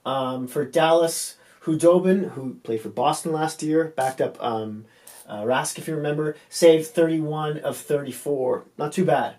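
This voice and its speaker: A man with a slightly high voice runs through hockey scores in a loose, unscripted way. He stops and restarts often and fills gaps with ums, dropping offhand asides. His voice is going tired and hoarse. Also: a little slow, a little mellow. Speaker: hockey recap vlogger. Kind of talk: casual unscripted game recap.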